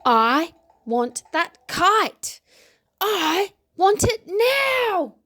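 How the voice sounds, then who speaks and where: A woman's voice: very high voice, level tone, slow pace, bright, forceful tone, voice pushed up, full character voice. A woman voicing a spoiled, demanding little girl who snaps and screams for what she wants. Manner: snapping, hissing, screaming demands.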